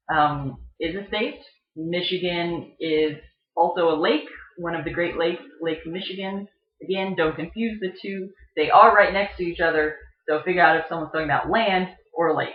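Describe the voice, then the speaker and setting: A speaker giving a casual educational explanation, thinking aloud with frequent ums and uhs. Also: mid-range voice. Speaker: online explainer. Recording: echoey room, slightly dull lo-fi sound.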